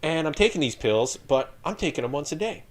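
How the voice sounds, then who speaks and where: A Canadian man in his thirties, a retired infantry soldier, tells army stories as a podcast guest amid a loud crowd. He's casual, animated and profane, laughing as he goes, with a fairly high voice and a brisk pace.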